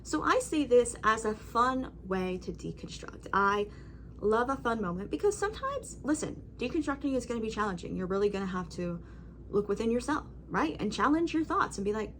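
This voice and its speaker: A woman's voice: on the high side, very animated, moderate pace, a bit bright, slight background noise. A woman talking to her camera at home in a casual, rambling monologue. She is emphatic and keeps checking in with "right?" and "you know". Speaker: vlogger.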